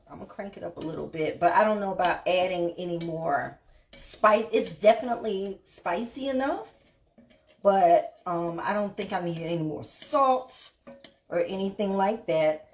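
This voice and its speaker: A woman's voice: mid-range voice, animated, moderate pace. A woman, hosting a casual live cooking stream in her home kitchen, chatting with viewers and trailing off with fillers. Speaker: cooking show host.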